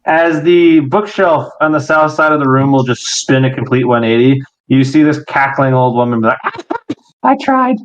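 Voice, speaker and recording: A man's voice: mid-range voice, fairly even intonation, moderate pace, hardly any pauses, low-quality recording. A man narrating as game master, hesitant and filler-heavy as he improvises scenes.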